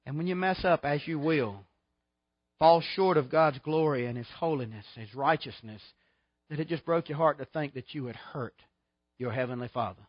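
A middle-aged man preaches a sermon, folksy and emphatic, firing off rhetorical questions. His voice sits a bit high for a man. The sound is dull and muffled, with a dry, close feel. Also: normal speed, dry recording. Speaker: pastor.

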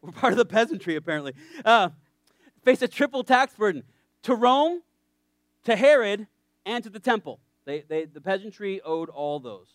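A man's voice: high-pitched, expressive, moderate pace, no echo, clean studio sound. A man preaching a sermon in a conversational, joking way, often checking in with his listeners.

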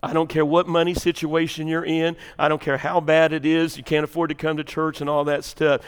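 An older man, preaching a sermon in a church with folksy storytelling, going from loud and animated to hushed and intense. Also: a little high, brisk, smooth, big-room sound. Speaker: pastor.

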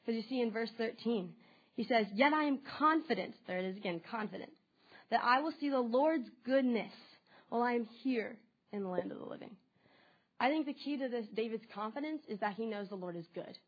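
A woman's voice: on the high side, animated, fairly quick, lo-fi sound. A woman giving a devotional sermon in an earnest, conversational way, often saying "like" as she talks. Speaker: preacher.

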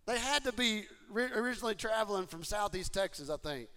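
This man delivers a casual sermon, speaking straight to his listeners. His voice sits high and comes across bright and forceful. He talks with lively energy and often stumbles into quick restarts. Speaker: preacher.

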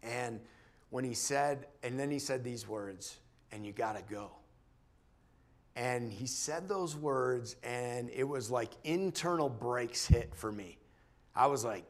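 Brief: man giving a church testimony, earnest and halting, mid-range voice, restarts often. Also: mid-range voice, expressive. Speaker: church member sharing a testimony. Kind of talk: personal testimony talk.

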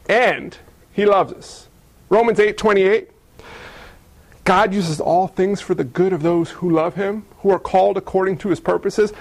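Male pastor, very high voice, lively sermon delivery with acted-out voices. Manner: animated preaching, acting out biblical voices.

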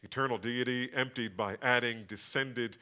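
A man preaching a sermon, swinging from loud emphatic lines to near whispers. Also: mid-range voice, steady tone, moderate pace, lo-fi sound. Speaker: pastor.

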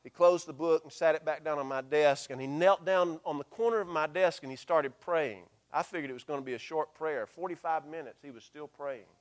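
Pastor telling a story in a sermon. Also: male voice, on the high side. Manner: earnest storytelling, quoting scripture in a hushed slow voice.

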